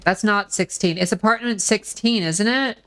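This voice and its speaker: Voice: medium pitch, normal speed, pushed and bright. A streamer giving casual, joking commentary while playing a game, reading text aloud, on a desk microphone at home.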